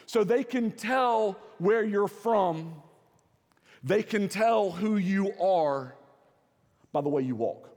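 Male preacher, Southern accent, slightly high voice, long church reverb; swings from soft to forceful. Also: animated, takes it slowly. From South Carolina. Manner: preaching with swings from soft low to loud emphatic. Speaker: pastor. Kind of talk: sermon. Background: audience laughter.

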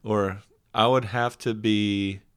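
Man, podcast guest, lowish voice, dry, wisecracking, casual. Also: fairly even intonation, slow pace, smooth. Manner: dry, wisecracking, short answers. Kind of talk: casual chat.

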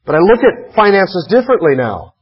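A man's voice: high voice, big pitch swings, fairly quick, slightly rough, highs cut off. A man preaching a sermon as pastor, earnest and emphatic, reading scripture aloud.

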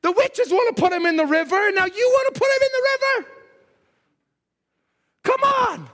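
A man's voice: extremely high pitch, fast talker, fairly bright tone, voice pushed up. A man voicing a fretful, worried mother who pleads with her husband, heard with echoey hall reverb. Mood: pleading. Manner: pleading, anxious questioning.

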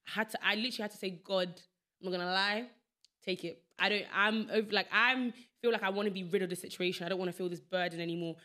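A woman's voice: mid-range voice, fairly even intonation, fast, pushed and bright. A young woman hosting a podcast with a London accent, chatting casually and laughing easily as she rambles through stories. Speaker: podcast host. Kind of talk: casual chat.

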